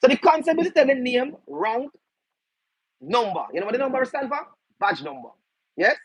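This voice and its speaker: A man's voice: very high voice, expressive, moderate pace, husky, no echo, low-quality recording. A man with a Jamaican accent explaining legal policy to an audience, emphatic and firing rhetorical questions at his listeners. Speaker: legal educator.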